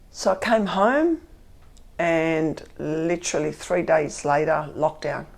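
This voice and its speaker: A woman, candidly telling her own story and acting out what people said to her. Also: fairly low pitch. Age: 50s. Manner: animated, acts out quotes.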